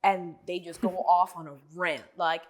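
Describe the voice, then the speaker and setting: A woman attorney co-hosting a podcast, telling animated stories and acting out phone callers in a casual chat. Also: lowish voice, moderate pace.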